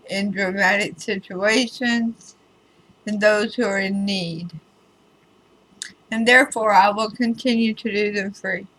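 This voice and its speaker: Casual woman tarot reader, unhurried delivery, bright voice, emphatic with dry humor. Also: mid-range voice, rough recording. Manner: chatty and emphatic, with wry asides. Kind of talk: casual spoken tarot reading video.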